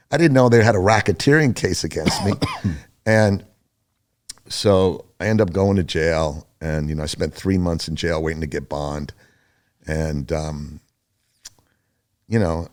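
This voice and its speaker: An older man telling his story as a podcast guest, loose and chatty, with lots of fillers, restarts and acted-out voices of other people. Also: sits low. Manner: animated, acts out other people's lines in a raised voice. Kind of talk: rambling storytelling in an interview.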